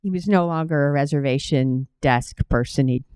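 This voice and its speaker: Animated Cleveland woman giving a talk. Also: low-pitched, moderate pace, clear, resonant tone, dry recording, rough recording. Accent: Cleveland, Ohio. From Cleveland, Ohio. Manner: animated storytelling, direct address to audience. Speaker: conference speaker. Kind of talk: conference talk with personal story.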